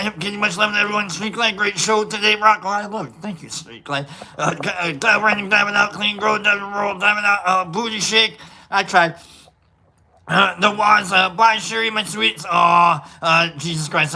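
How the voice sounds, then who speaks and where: A man with a high, gravelly voice and a sharp, tense edge to it. He hosts a casual live stream, rattling off viewer shout-outs in a loose, rambling way full of "uh"s. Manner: rambling, reads names off chat with frequent "uh"s.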